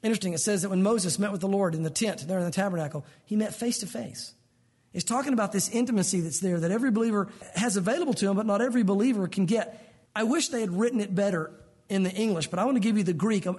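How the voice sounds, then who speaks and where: A man preaching a sermon in an animated way, acting out little scenes with comic voices. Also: high voice, slightly rough. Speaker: pastor.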